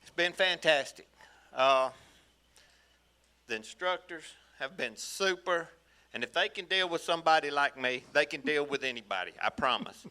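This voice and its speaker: Bright-voiced Louisiana man calling bids. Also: fairly high pitch. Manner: rapid repetitive bid calling. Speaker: auctioneering student. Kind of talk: auction chant. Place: auction hall.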